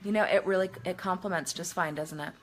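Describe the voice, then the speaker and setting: A middle-aged makeup vlogger with a lowish voice talks fast over soft background music. She chats casually through her tutorial as she works, often poking fun at herself.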